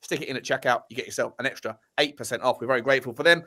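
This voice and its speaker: A man's voice: mid-range voice, rapid-fire, bright, forceful tone. A man co-hosting a casual football podcast, talking in a chatty, rambling way. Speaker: podcast co-host.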